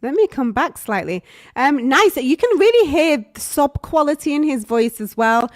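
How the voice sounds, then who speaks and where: A woman's voice: high-pitched, sing-song, moderate pace. Admiring woman vocal coach, live stream. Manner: soft-spoken, admiring, thinks aloud with fillers. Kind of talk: live reaction stream commentary. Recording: dry close mic with faint music behind.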